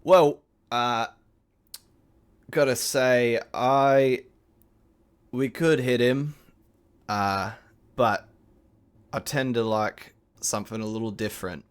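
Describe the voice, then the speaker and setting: A man's voice: medium pitch, slow pace, pauses often, clear, resonant tone, lightly acted. Man doing a crude Cockney vampire bloke. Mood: cocky. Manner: blunt, crude, flippant. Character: brash young male vampire, Cockney.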